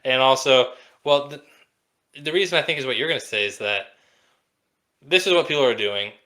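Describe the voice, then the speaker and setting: A man's voice: medium pitch, sharp tone. A young man co-hosting a podcast, chatting casually and joking, often acting out what people said. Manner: fast, joking, acts out quotes. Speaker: podcast co-host. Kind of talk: casual chat.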